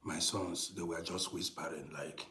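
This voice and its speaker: This middle-aged storytelling channel host tells a personal story in a relaxed monologue, dropping to hushed whispers and then breaking into loud, emphatic bursts. He often repeats and restarts phrases. His voice sits low, with a steady tone and a measured pace, and the recording sounds roomy.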